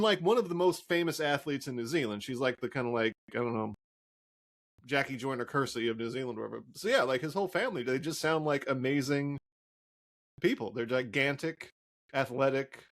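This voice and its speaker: A man co-hosts a casual basketball podcast and tells stories in a loose, rambling way, full of fillers and restarts. His voice sits at an ordinary middle pitch. He gets animated when a story picks up. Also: a little fast. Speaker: podcast co-host. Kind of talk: casual chat.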